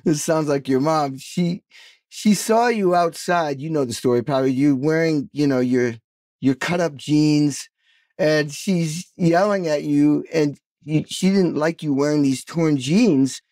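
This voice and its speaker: A man's voice: a little high, unhurried, darkish tone, dry recording. Effusive male podcast host, dry sound. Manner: enthusiastic, effusive introductions. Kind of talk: interview hosting.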